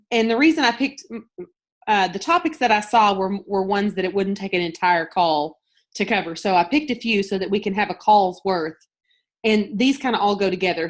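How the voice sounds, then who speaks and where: Lady running a team video call, chatty, lots of fillers and restarts, mid pitch. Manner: chatty, loose and storytelling, with filler words and restarts. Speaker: team leader hosting a sales call. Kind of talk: casual talk on a group video call.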